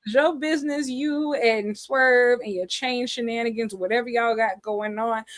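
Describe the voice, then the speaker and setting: A woman's voice: a little high, measured pace, no echo. A woman co-hosting a podcast, chatting casually and jokingly in slang. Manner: animated, jokey, slangy. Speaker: podcast co-host. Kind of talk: casual wrestling chat.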